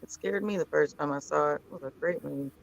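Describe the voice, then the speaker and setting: A woman's voice: deep voice, fast talker, gravelly, dull audio. A woman co-hosting a casual paranormal livestream, chatty and talking while she eats. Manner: chatty, talks while eating.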